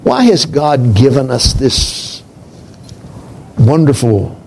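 Slow gravelly preacher man. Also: mid-range voice, sing-song, slight background noise, low-quality recording. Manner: slow, reflective, drops to a hush on key points. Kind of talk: sermon.

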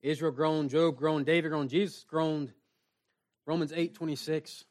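A man's voice: on the high side, fairly even intonation, measured pace. A man pastor preaching a sermon in a small church, earnest and reading scripture aloud. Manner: earnest preaching, reads scripture aloud in King James wording.

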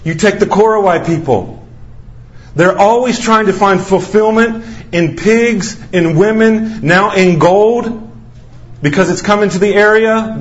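A man's voice: high-pitched, muffled recording. A man preaching a sermon as a missionary, stressing key phrases by repeating them over and over.

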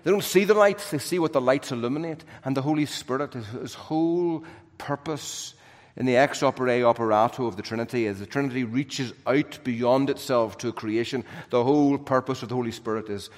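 A male preacher delivering a sermon in a big hall whose long reverb trails after each phrase. He leans hard into key lines, then drops to a near hush. His voice sits at an ordinary male pitch. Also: normal speed. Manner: dynamic, swings from loud emphasis to soft hushed drops.

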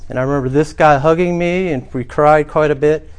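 A man's voice: fairly high pitch, fairly even intonation, brisk, clean tone. A middle-aged man preaching a sermon, telling a personal story earnestly and rising to emphatic swells. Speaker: pastor.

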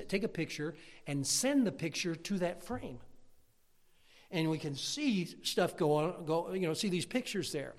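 A middle-aged pastor preaching a sermon, folksy and conversational, swelling into emphatic outbursts. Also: male voice, on the high side, long reverb tail.

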